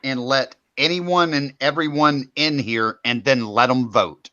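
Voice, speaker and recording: Man guest: slow, halting, bright tone, dull lo-fi sound. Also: medium pitch, no room sound. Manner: halting, with restarts. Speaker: podcast guest. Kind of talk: casual political chat. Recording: dull lo-fi audio.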